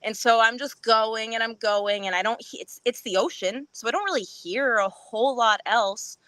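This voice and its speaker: A woman's voice: fairly high pitch, moderate pace, fairly bright tone, no echo. A woman chatting casually on a podcast, telling a funny story and acting out quotes with big jumps in her voice and frequent laughs. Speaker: podcast guest.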